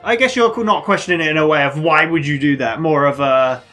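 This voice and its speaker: A man's voice: a little high, brisk, bright, forceful tone, soft background music. Laid-back man chatting casually. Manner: rambling, laughs often, acts out characters' lines. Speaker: reaction channel co-host. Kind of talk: casual chat.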